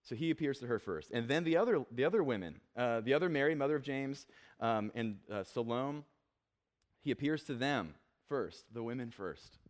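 A man preaching a sermon in a relaxed, conversational way, with many fillers, and acting out the people he quotes in a lower, offhand voice. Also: moderate pace. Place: church.

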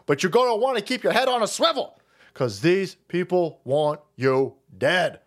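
A man's voice: high voice, animated, normal speed. A male streamer giving crude, mocking, profane ranting commentary, laughing often.

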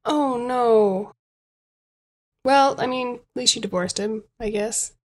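A woman's voice: fairly high pitch, takes it slowly, a little mellow. A woman bantering playfully on a live comedy stream, teasing the others.

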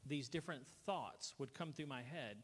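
A man earnestly sharing a personal testimony at a gathering, speaking into a handheld mic with halting restarts. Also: medium pitch, slightly rough, in a large hall.

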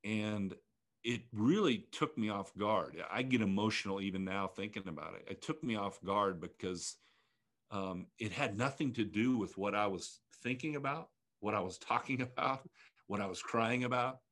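A man in his fifties with a fairly low voice shares his personal story in an interview. He speaks earnestly and reflectively. He often halts and restarts his sentences. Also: moderate pace, a bit bright. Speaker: ministry leader guest.

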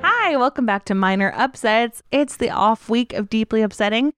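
A woman's voice: a little high, animated, normal speed, over loud music. A woman co-hosting a casual comedy podcast, playful and teasing. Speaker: podcast co-host.

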